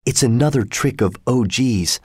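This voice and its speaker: A man voicing a nervous male chorus master who talks in a hushed, evasive way. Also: medium pitch, normal speed, husky, dry recording, studio quality, lightly acted.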